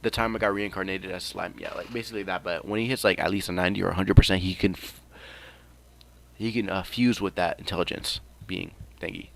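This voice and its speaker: A man's voice: deep voice, steady tone, fairly quick, gravelly, slight background noise. A young man telling an improvised fan story in a rambling, casual way, swearing freely and joking along. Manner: rambling, swears freely, laughs at own jokes.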